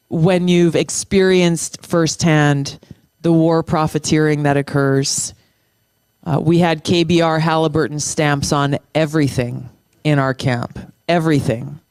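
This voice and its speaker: Middle-aged veteran guest: earnest, impassioned, smooth-voiced, on a dry close mic. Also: mid-range voice, a little mellow, no echo. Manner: impassioned, restarts phrases, slows down for emphasis. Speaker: guest, military veteran and former state lawmaker. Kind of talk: earnest conversational interview.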